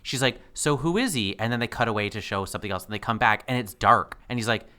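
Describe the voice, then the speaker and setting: A man co-hosting a podcast in casual chat, animated, acting out characters' lines as he jokes. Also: fairly low pitch, quick pace, smooth. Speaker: podcast co-host.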